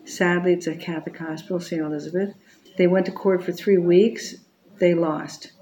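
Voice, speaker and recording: A woman's voice: on the low side, level tone, moderate pace, warm tone, slight background noise, low-quality recording. A middle-aged woman, a Catholic religious sister, telling a personal testimony in an earnest, storytelling way. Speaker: Catholic religious sister and pro-life speaker.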